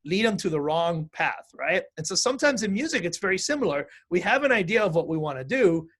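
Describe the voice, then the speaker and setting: A man's voice: high-pitched, big pitch swings, brisk, a bit bright. A man teaching music and mindfulness in a conversational online class, often asking "right?" to check in with students.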